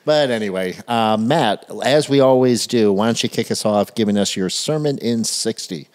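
A man's voice: lowish voice, moderate pace, darkish tone. A man hosting a church podcast, upbeat and jokey as he welcomes listeners and guides the chat. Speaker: podcast host.

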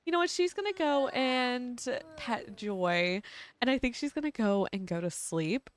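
Slow, giggly young woman narrating a game. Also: on the high side, animated. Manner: chatty, giggly, with frequent ums. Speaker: gaming channel host. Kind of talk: casual let's-play narration.

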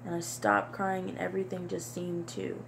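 A young woman vlogger talking to camera in a halting, repetitive, soft-spoken confessional monologue. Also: on the low side, level tone, gravelly, background noise. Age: young adult.

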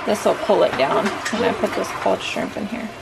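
A woman's voice: medium pitch, normal speed, gravelly, very noisy. A woman and mother casually talking through her cooking step by step in a home kitchen vlog. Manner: chatty, talks through each cooking step. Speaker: vlogger and mother.

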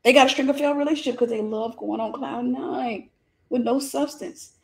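A woman's voice: a little high, steady tone, brisk, vocal fry, a little mellow. A woman with a Southern accent giving a preachy, informal Christian lesson on relationships, emphatic and repetitive with folksy jokes.

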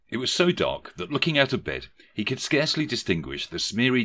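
Wry male storyteller, lively pitch. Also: dry recording. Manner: wry, mock-solemn. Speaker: narrator. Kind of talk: comic storytelling narration.

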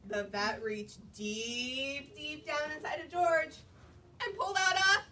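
A woman librarian reading a picture book aloud to young children at storytime, in an animated sing-song manner, asking them questions as she goes. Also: high voice, takes it slowly. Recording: distant mic, noisy room. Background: children answering.

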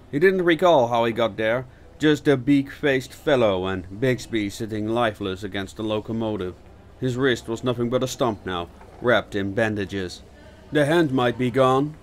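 A man narrating an audiobook in a measured storytelling delivery. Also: mid-range voice, slight background noise. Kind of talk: scripted narration.

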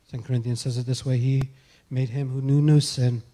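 A male pastor delivering a sermon, earnestly pleading with his listeners and letting his lines fall soft at the close. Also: medium pitch, flat delivery, brisk. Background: soft guitar music.

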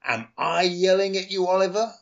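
An actor playing a domineering, impatient employer who barks orders in a radio drama re-creation. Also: male voice, sits high, moderate pace, creaky. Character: bullying bossy male employer. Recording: dull lo-fi radio-style recording.

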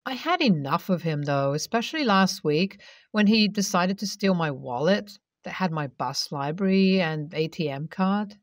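A woman's voice: lowish voice, animated, moderate pace, no echo. Woman reading a story, dry and distant. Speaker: story narrator. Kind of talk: first-person story read aloud.

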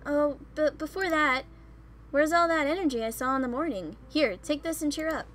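A woman voicing an energetic, cheerful teenage boy classmate while reading game dialogue aloud, loud and caring. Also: high voice, normal speed, faint music behind, voice pushed up.

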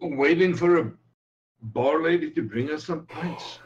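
A man playing a tabletop game, speaking in halting bits. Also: a little high. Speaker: player. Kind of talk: casual tabletop game chat. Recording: dull lo-fi mic.

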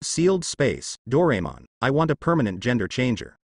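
A cocky teenage boy ninja from a storybook, brash and scheming, as a male narrator reads him. His pitch swings widely. The sound is dry and close. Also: very animated, moderate pace, no room sound.

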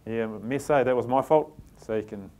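A man's voice: mid-range voice, normal speed, darkish tone, slight background noise. A middle-aged man with a New Zealand accent, giving a live talk to an audience and telling stories with self-deprecating humour. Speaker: team manager giving a talk. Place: packed function room.

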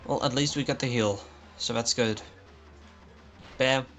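A man's voice: medium pitch, fairly even intonation, a little slow, fairly bright tone, soft background music. A young man commentating his own gameplay, frustrated, swearing and muttering to himself. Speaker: let's play host.

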